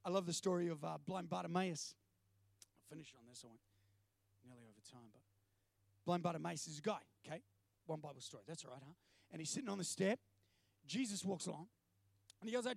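Animated preacher with a gravelly high voice. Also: male voice, fairly quick, long pauses, dry recording. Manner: animated storytelling, acting out prayers and crying out. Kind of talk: sermon.

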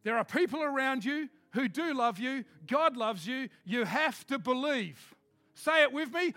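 A man preaching a sermon, emphatic, switching between quick asides and slow, loud declarations. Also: very high-pitched, expressive, dry recording.

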